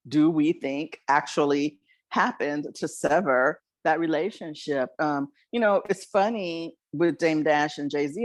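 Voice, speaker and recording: A woman's voice: sits low, dry recording. Chatty woman podcast host, dry sound. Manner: chatty, reflective, laughs between thoughts. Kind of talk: casual podcast discussion.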